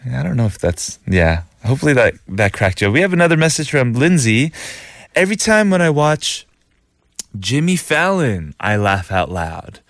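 Male radio host, animated pitch, dry studio sound, chatty, laughs a lot. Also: normal speed, dry recording. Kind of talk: casual radio talk reading listener messages.

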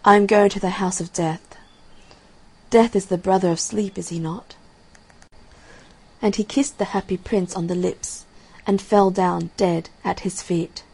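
Husky-voiced woman reading a storybook. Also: mid-range voice, fairly even intonation, unhurried, poor audio.

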